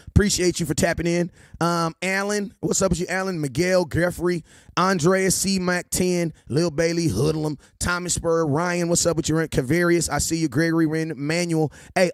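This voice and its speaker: A man hosting a casual sports livestream, shouting out viewers by name and teasing them like a preacher. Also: on the high side, dry recording, clean studio sound. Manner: rapid shout-outs to viewers, playful preacher-style teasing. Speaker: livestream host.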